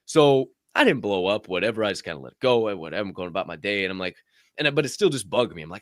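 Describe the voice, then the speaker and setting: A man's voice: expressive, fast, no echo, studio quality. A man co-hosting a casual motivational talk show, telling a story in a profane, emphatic way. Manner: profane, emphatic storytelling with big pitch swings. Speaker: podcast co-host.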